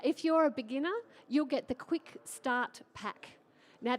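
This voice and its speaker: An enthusiastic middle-aged Australian woman speaks from a conference stage with a slightly high voice. She keeps her talk chatty and upbeat and often turns to the crowd with questions. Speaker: trading educator and conference speaker. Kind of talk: energetic conference talk to a live audience. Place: conference stage before an audience.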